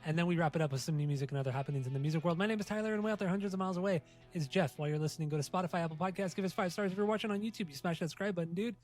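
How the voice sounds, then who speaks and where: Fast-talking joking male podcast host. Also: high voice, darkish tone, faint music behind. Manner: fast, joking, profane banter. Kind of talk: casual podcast chat.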